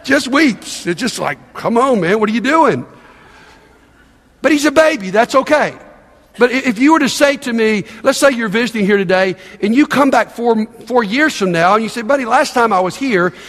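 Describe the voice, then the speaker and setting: An older man preaching a sermon, telling stories with lively delivery and acting out the voices of the people he quotes. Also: very high-pitched, moderate pace. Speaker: pastor. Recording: long reverb of a large hall.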